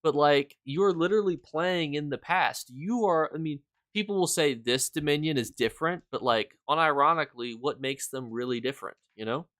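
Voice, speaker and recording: A man's voice: on the high side, normal speed, hardly any pauses, fairly bright tone, no room sound, studio quality. A young man streaming a game, telling rambling stories in casual chat and answering his viewers. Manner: rambling, filler-heavy storytelling; reads and answers chat while playing.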